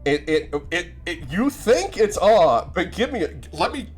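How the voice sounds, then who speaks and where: A man's voice: high voice, sing-song, unhurried. Rambling, profane young man telling stories. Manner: rambling, profane, self-deprecating. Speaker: streamer. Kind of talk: casual anecdote on stream.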